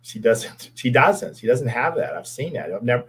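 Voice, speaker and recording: A man's voice: medium pitch, very animated, moderate pace, breathy edge, rough recording. A middle-aged man from the Pittsburgh area, a former police officer, telling a heartfelt story in a casual interview, earnest and often repeating his words.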